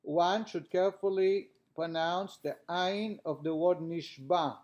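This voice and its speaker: A man's voice: high-pitched, steady tone, unhurried, a little mellow. A man teaching a class, reading a text aloud and then explaining it in plain words with frequent restarts.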